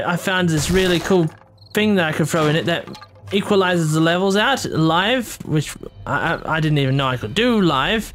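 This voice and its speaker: A playful gameplay commentator talking in a hushed voice at home at night, humming silly sound effects while working. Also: medium pitch. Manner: hushed, keeping quiet for a sleeping household.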